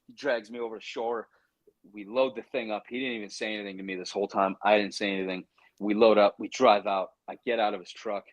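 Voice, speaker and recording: Fast-talking and low-voiced, an actor guest relates a story with animation on an interview show, dramatizing his inner thoughts. He stumbles through many restarts and stammers when excited, heard in a low-quality recording without echo.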